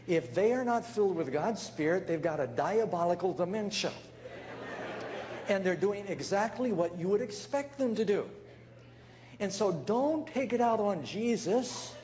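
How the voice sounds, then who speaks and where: A man's voice: mid-range voice, lo-fi sound, a little hiss or hum. A man preaching a sermon as a pastor, telling stories and acting out the dialogue. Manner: storytelling with acted dialogue, animated.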